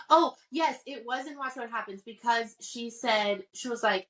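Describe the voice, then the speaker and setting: A woman co-hosting a pop culture podcast, chatting casually and retelling gossip with quick reactions. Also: a little high, sharp tone, recorded from a distance. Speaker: podcast co-host. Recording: roomy sound, mic farther off.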